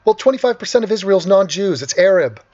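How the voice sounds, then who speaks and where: Guy ranting angry n sarcastic over clips, swears a lot, kinda high voice, dull lo-fi sound. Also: lively intonation, quick pace, a little mellow. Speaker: host.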